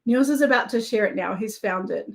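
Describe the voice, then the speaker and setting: On a crafting livestream, a New Zealand woman with a rather high voice talks briskly and casually with her viewers, laughing easily as she works.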